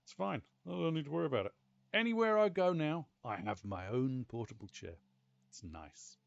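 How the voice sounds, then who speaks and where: A British man casually chatting and telling stories while playing a game, animated and exclamatory. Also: fairly high pitch, normal speed, vocal fry, no room sound, highs cut off. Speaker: gaming channel host. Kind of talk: casual gameplay commentary.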